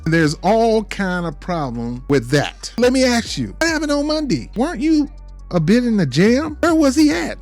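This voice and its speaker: Man doing a smug wrestling champion, mocking questions, loud and pushy, faint music behind. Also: high-pitched. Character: cocky male wrestling champion taunting his rival.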